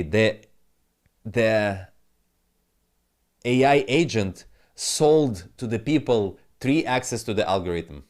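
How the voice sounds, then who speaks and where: A man's voice: fairly low pitch, darkish tone. A man talking casually through crypto charts as a trading analyst, rambling and muttering to himself in non-native English, with the odd swear.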